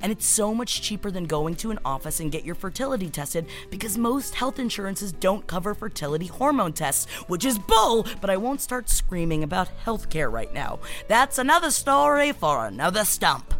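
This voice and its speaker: A woman's voice: medium pitch, sing-song, normal speed, few pauses, a bit bright, soft background music. A woman co-hosting a podcast, chatting and reading an ad in a brash, comic, self-deprecating way. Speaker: podcast co-host. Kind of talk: casual chat and host-read ad.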